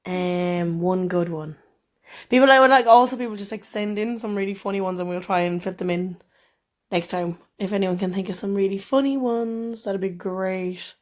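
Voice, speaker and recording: A woman's voice: mid-range voice, moderate pace. A woman co-hosting a podcast, chatting casually with crude, teasing humour and frequent laughter. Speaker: podcast co-host. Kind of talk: casual chat.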